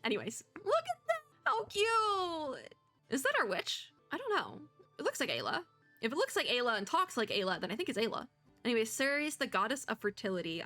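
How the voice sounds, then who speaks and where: A woman's voice: fairly high pitch, fairly quick, soft background music. Giggly chatty young woman gaming. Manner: giggly, chatty, reacts with excited squeals. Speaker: VTuber streamer. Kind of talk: gameplay commentary and reading story text aloud.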